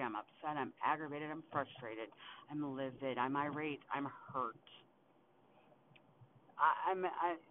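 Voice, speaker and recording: A young man hosting a podcast, venting in a frustrated, profane monologue full of halting restarts while sitting in his car. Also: on the high side. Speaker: podcast host. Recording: tinny phone-like recording with faint hiss.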